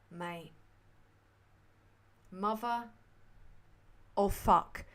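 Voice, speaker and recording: Sweary, sardonic woman host. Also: mid-range voice. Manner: sweary, rambling and sardonic, with many fillers. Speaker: livestream host. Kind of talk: casual political chat.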